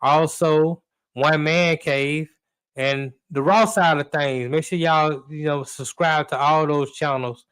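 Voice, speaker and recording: A man co-hosting a podcast on sports, laid-back and casual, filling pauses with "uh". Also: on the high side, fairly even intonation, fairly bright tone, clean tone. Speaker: sports co-host.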